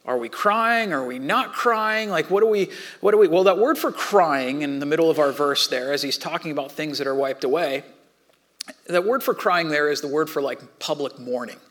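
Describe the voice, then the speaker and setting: A man preaching a sermon in a conversational way, swinging between loud and hushed. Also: a little high, animated, normal speed. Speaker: pastor.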